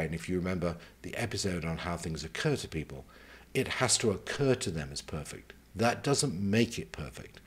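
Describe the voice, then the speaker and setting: A man speaking as a career mentor, giving advice in a measured, conversational way and taking his points one at a time. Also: low-pitched, husky.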